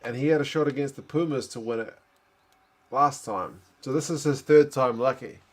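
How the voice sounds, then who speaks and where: A man's voice: medium pitch, normal speed. A man hosting a casual live watch-along, chatting and reacting aloud to a rugby match. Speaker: host.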